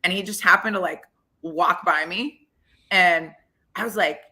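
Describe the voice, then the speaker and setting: A woman guest on a podcast interview, telling animated stories and acting out the quotes with big jumps in pitch. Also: measured pace. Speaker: guest, former football coach. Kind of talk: lively storytelling in a podcast interview.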